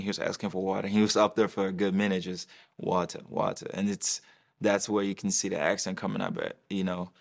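Very deep, gravelly monotone man. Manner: flat, with "if that makes sense" asides. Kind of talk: casual anecdote.

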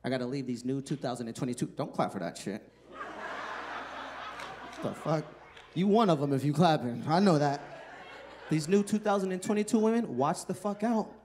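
A stand-up comedian in his thirties, working a club stage with a handheld mic. His voice sits a little higher than most men's. He talks loose and profane, half chatting with the room and often breaking into laughter at his own lines. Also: animated, normal speed, long pauses, noisy background. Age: 30s. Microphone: handheld microphone.

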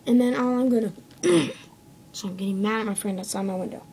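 Recorded on a phone camera indoors at home, a woman gives a casual, rambling show-and-tell review of a toy set, often correcting herself and ending lines with "okay?". Her mid-range voice is warm, fairly even and fairly quick. The rough recording carries a slight hiss or hum.

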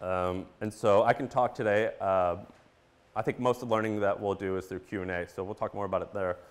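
A man from Missouri giving a casual conference talk, animated and full of fillers, acting out his own reactions as he tells stories. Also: lowish voice, fairly quick, smooth. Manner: animated, storytelling with quoted reactions and filler words. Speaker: conference speaker.

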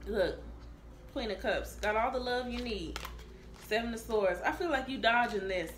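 Woman tarot reader, brash and profane, slightly high voice, faint room hum behind her. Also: moderate pace. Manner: blunt, profane, animated. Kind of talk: casual tarot reading. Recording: echoey room with faint ambience.

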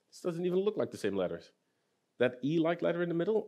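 A man's voice: on the high side, very animated, moderate pace, long pauses, mellow. A man giving a technical talk at a conference. He walks through the problem step by step, asks the audience questions and throws in dry, self-deprecating jokes. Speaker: conference speaker. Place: conference hall.

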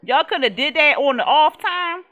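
A woman's voice: sits high, lively intonation, normal speed, pitched above the performer's own voice. A woman voicing an angry young mother character in a life-sim game who rants and cusses at the clinic staff. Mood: outraged. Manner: loud, ranting.

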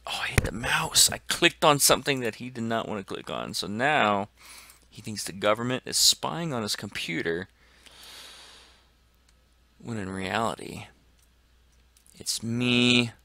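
A man commenting excitedly on his gameplay as a gaming channel host, dropping to whispers and bursting into shouts. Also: mid-range voice, a little slow, gravelly, long pauses, no echo. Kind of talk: let's play commentary.

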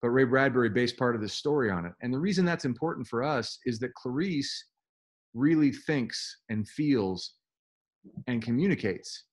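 A man's voice: medium pitch, expressive, moderate pace. Man teaching a literature class online. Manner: explanatory, engaged. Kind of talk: reading aloud and explaining to students. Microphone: video call.

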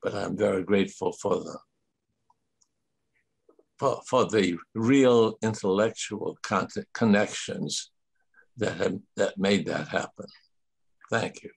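An older man with a low, gravelly and husky voice speaks in slow, reflective remarks. He stammers and restarts now and then. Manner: halting, with small stammers and restarts. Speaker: guest theologian. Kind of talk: reflective remarks in an online talk.

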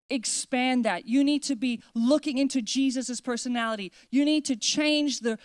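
Emphatic woman pastor preaching, higher voice. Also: no echo, studio quality. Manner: emphatic preaching with repeated declarations, slowing for weight. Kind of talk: sermon. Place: church.

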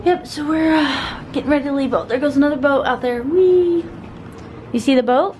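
A woman's voice: high-pitched, steady tone, fast talker, a little mellow, a little hiss or hum. A woman chatting casually to her camera on a family trip, laughing often and talking to her young child. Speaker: family vlogger, mother. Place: lakeside rental then small beach, outdoors and indoors.

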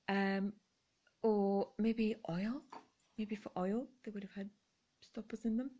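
A woman's voice: medium pitch, warm tone, highs cut off. A middle-aged woman chatting casually as she shows off her thrift haul, gushing over each find and apologizing for her pronunciation. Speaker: vlogger.

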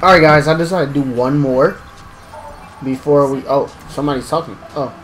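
A young man giving excitable live commentary while playing a game, exclaiming and talking to himself. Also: medium pitch, normal speed, slight background noise, poor audio. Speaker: gaming streamer.

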